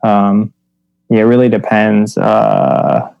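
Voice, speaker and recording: A man's voice: lowish voice, expressive, takes it slowly, gravelly, dry recording, lo-fi sound. A man who does stand-up comedy, talking casually and a little hesitantly about his jokes, self-deprecating.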